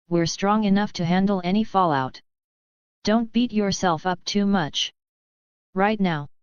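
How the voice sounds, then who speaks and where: A woman reading the lines of a calm, reassuring young male ninja leader in a web novel audiobook. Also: on the low side, clean tone, no room sound, lo-fi sound, natural voice.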